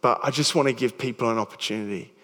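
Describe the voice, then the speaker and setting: A man gives a sermon in a church hall, talking in a loose, conversational way with frequent restarts. His voice sits at an ordinary middle pitch. A long reverb trails behind his words. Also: quick pace, slight background noise. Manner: casual, conversational storytelling with restarts; growing soft and hushed while praying. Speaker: preacher. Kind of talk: sermon with storytelling and altar call.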